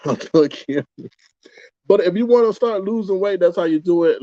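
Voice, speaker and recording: A man chatting casually on a livestream in a dark, mellow voice, rambling and exclaiming with indignant rhetorical questions. The room sounds dry and close, and the recording comes through dull and muffled. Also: on the high side, expressive, a little fast, dry recording. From United States. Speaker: livestream host reading chat.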